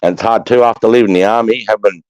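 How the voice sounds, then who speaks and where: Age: 50s. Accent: Australian. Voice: very low, dark, profane rambling man. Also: fairly even intonation, fast talker, no echo, muffled recording. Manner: rambling, profane, blokey storytelling. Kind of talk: casual chat.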